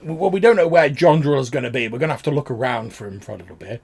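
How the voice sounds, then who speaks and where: Bluff ale-brewing companion, played by a man, gravelly, stumbles over words. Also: mid-range voice, fast talker, a little mellow, close to an everyday voice. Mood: planning.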